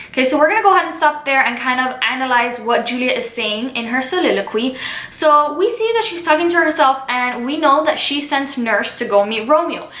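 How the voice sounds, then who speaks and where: A young woman teacher talks through a play in a chatty, casual way, leaning on "kind of" and "like". Her voice sits high and sounds bright. The room around her gives an echoey ring. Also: expressive, brisk. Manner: chatty, with fillers such as "kind of" and "like". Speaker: literature teacher. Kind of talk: casual classroom explanation.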